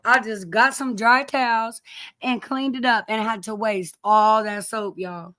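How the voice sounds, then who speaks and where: A woman's voice: a little high, measured pace, sharp tone, no room sound. A middle-aged woman hosting a casual live stream from home, greeting viewers by name, sniffly from allergies and cursing lightly as she chats.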